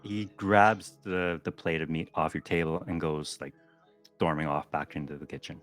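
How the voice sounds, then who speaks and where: Low-pitched man running a tabletop game, easygoing, loose narration. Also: moderate pace, faint music behind. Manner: relaxed, chatty, with frequent ums and self-corrections. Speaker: game master.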